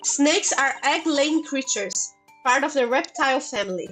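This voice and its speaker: A woman's voice: high-pitched, lively intonation, measured pace, a bit bright, faint music behind. A woman voicing a polite, hesitant young female assistant in game dialogue. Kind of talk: reading game dialogue aloud.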